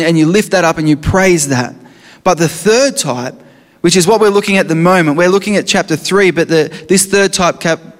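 A high-pitched man preaching a sermon, earnest as he reads scripture aloud. His voice rings with the long reverb of a big hall.

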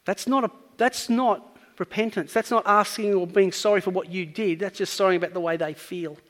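A man's voice: sits high, fairly even intonation, a little fast, fairly bright tone, long reverb tail. A man preaching a sermon, earnestly teaching and building up to emphatic points.

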